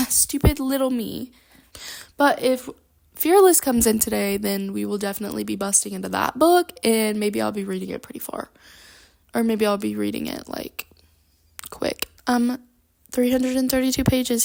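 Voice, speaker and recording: A woman's voice: fairly high pitch, moderate pace, gravelly, a little mellow. A young woman chatting casually in a book vlog at home, bubbly and rambling, with lots of fillers, speaking into a handheld microphone. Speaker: book vlogger. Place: at home, moving between rooms.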